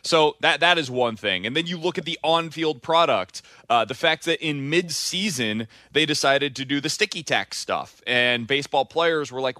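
A man's voice: on the high side, normal speed, hardly any pauses, bright, forceful tone, dry recording, studio quality. A man co-hosting a sports radio show, talking in an emphatic, opinionated way. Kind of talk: casual sports talk.

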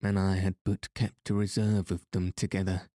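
A man's voice: low-pitched, little pitch movement, normal speed, warm tone, no echo, studio quality, lightly acted. A man reading the part of an ardent young knight in a storybook, speaking in earnest, old-fashioned courtly words. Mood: rueful. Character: ardent young male knight, humbled but joyful. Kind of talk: audiobook reading.

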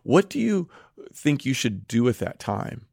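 A man's voice: medium pitch, sing-song, measured pace, gravelly, darkish tone, husky, dry recording, clean studio sound. A middle-aged pastor co-hosting a podcast, talking earnestly to listeners and asking them questions as he teaches. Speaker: pastor co-host. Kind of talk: podcast sermon-style talk.

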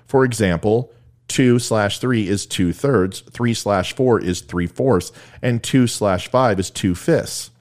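A man's voice: on the low side, slow pace, a little mellow. A man voicing a patient female math teacher who explains step by step. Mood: explaining.

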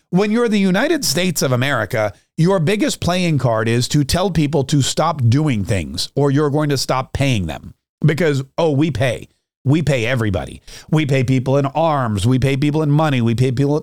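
A man's voice: a little high, dry recording, studio quality. A man hosting a podcast, delivering a rambling, sarcastic political commentary monologue. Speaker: podcast host.

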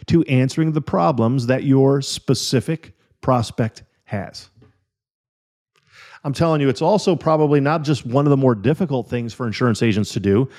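A man's voice: mid-range voice, darkish tone. A middle-aged man hosting a solo coaching podcast, talking straight to the listener and repeating words hard for emphasis. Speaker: podcast host and insurance business coach.

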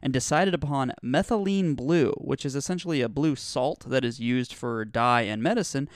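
A man's voice: mid-range voice, normal speed, no room sound, clean studio sound. A man co-hosting a casual comedy podcast, rambling and joking with lots of fillers and restarts. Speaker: podcast co-host.

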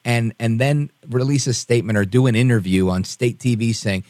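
A man hosting a political talk show, talking in an animated, conversational and rambling way. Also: mid-range voice, fairly quick, no echo.

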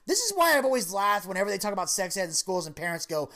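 A woman in her thirties holds forth as the host of a casual podcast chat. She tells stories with swearing and keeps jumping into high, loud outbursts before settling back into ordinary talk. Her pitch sits in a middle range for a woman. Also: big pitch swings, quick pace. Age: 30s.

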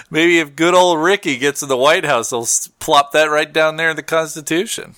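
A man's voice: on the high side, normal speed, a bit bright, smooth, dry recording, studio quality. A man co-hosting a casual talk show, rambling and correcting himself as he goes. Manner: rambling, self-correcting, laughs often. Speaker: podcast co-host. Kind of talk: casual chat.

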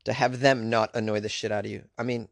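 A man's voice: medium pitch, level tone, fast, vocal fry, no room sound, studio quality. A man hosting a podcast, giving comedic commentary on odd news with crude, sarcastic riffs and asides. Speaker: podcast host.

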